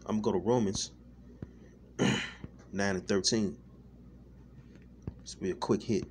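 Over a faint hiss or hum, a man with a lowish, steady voice delivers an online sermon at a measured pace. He preaches street-style, loosely and repetitively, sprinkling in "man" and "all right" and often breaking off to restart while searching for words.

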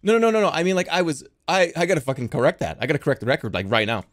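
A man streaming games live, chatting casually in a rambling, excitable way and often laughing at himself. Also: on the high side, very fast.

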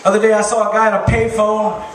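Male stand-up, high-pitched, deadpan and crude; distant, echoey bar recording. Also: fast. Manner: deadpan one-liners, profane. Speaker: stand-up comedian. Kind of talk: stand-up comedy set. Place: bar stage with crowd. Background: audience laughter.

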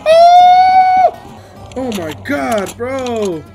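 An excitable young man narrates his gaming session, his pitch leaping all over as he swears and shouts at the screen. He talks into a headset, with game music playing behind him. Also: measured pace. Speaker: gamer. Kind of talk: gameplay commentary.

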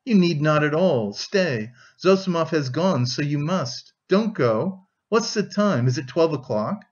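A man's voice: on the high side, animated, unhurried, husky, dull audio. A man voicing an agitated, feverish young man in an audiobook, speaking in abrupt, nervous bursts.

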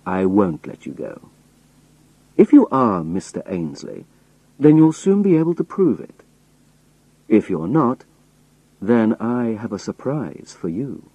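A man gives voice to a menacing old villain who never raises his voice. The tone is low and husky, the pace slow and deliberate, recorded dry and close. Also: sing-song, mellow, no echo, heavily acted, poor audio. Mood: cold, calm. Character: menacing old male villain, calm and cold.

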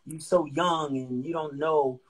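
A middle-aged man from New Jersey, a singer-songwriter guest telling stories in a casual, animated way and acting out quotes in slang. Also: a little high, unhurried, over a noisy crowd, low-quality recording. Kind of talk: casual storytelling interview.

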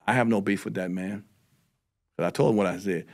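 Male comedian, podcast guest, rapid animated storytelling, heavy swearing. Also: on the low side, vocal fry. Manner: profane, animated storytelling with voiced quotes.

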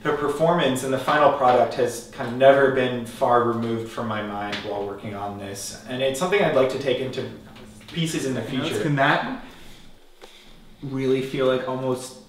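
A man composer giving encouraging, halting feedback in rehearsal and speaking about his work. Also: mid-range voice. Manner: halting, encouraging, restarts often. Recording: very echoey room, voice far from mic, faint noise.

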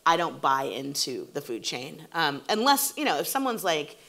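A woman's voice: deep voice, moderate pace, gravelly. A woman in her forties, a TV showrunner, telling stories in an onstage interview and acting out what people said. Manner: animated storytelling, acting out quotes. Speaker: TV showrunner and guest.

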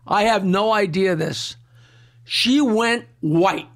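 An older man from Long Island tells a wild story in a boisterous, rolling way and keeps breaking into laughter at his own jokes. His voice sits high for a man and has a gravelly edge. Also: slow. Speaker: comedian guest telling a story. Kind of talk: casual storytelling.

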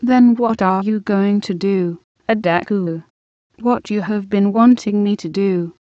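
A woman voicing a stern, worried senior wife, reading slowly in a dull, dry recording. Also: mid-range voice, dark tone, dry recording, close to an everyday voice. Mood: questioning.

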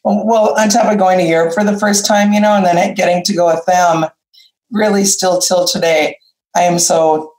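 A middle-aged woman guest musician telling stories in casual interview chat, animated and effusive. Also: lowish voice, moderate pace. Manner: animated storyteller, rambling and effusive. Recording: roomy echoey room sound.

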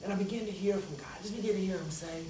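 A pastor preaching a sermon, telling a story with humor and laughter, swinging from loud outbursts to hushed, prayerful lines. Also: male voice, sits high, very fast, a little hiss or hum. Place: church sanctuary. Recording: echoey church hall from far off. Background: congregation calling out responses.

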